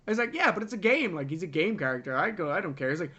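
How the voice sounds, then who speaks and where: Animated man, high lively voice. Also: very fast, breathy edge. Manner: animated, does mocking voices of characters. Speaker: podcast co-host. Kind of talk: casual film review chat.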